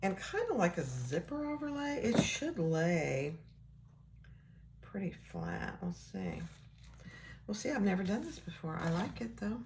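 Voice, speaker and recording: A woman giving a casual sewing tutorial, relaxed and chatty, thinking aloud as she works. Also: mid-range voice, unhurried, creaky, background noise. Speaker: sewing instructor.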